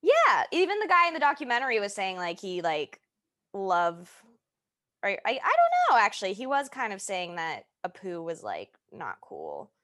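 A woman co-hosting a podcast in casual chat, giggly and animated, trailing off with fillers. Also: medium pitch, moderate pace, no room sound, clean studio sound. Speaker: podcast co-host.

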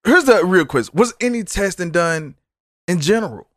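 This is a lively podcast host with a middle-pitched voice that moves up and down a lot. He asks questions and riffs on the story in loose slang. The recording is close and dry. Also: moderate pace, no echo. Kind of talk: casual comedic banter.

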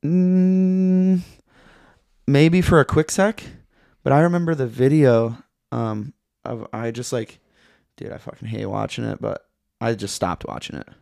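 A young man from Michigan with a creaky, darkish mid-range voice talks at normal speed in a dry, clean studio recording. Appearing as a podcast guest, he tells a story in a relaxed, rambling way and swears a lot.

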